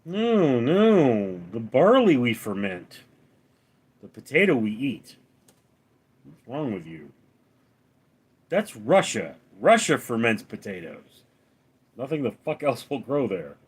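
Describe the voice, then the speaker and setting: Young la guy on a livestream reading chat, slow talker, pitch bounces around. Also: husky. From Los Angeles, California. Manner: relaxed, rambling, answers viewers one by one. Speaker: livestream host. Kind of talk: casual live chat, reading comments.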